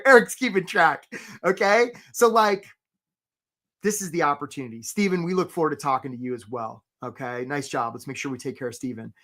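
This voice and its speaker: A man hosting a live career webinar. He talks with energy, keeps asking "right?" and gives quick shout-outs to viewers. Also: fairly high pitch. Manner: acts out voices for stories, playful.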